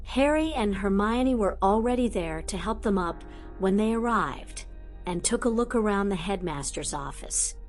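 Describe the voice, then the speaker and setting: A woman reading a fan-written audiobook as narrator, in a steady scripted narration. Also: medium pitch, moderate pace, soft background music.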